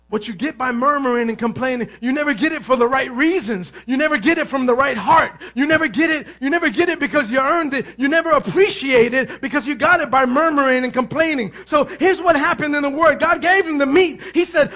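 A male pastor preaching a sermon, swinging from hushed asides to shouted emphasis and acting out other people's complaints. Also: extremely high pitch, a little fast, few pauses. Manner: acts out complaining voices of others.

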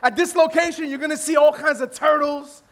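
A man's voice: very high-pitched, steady tone, fairly quick, fairly bright tone. A man quoting a plain-spoken boat captain. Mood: instructive. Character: matter-of-fact male boat captain.

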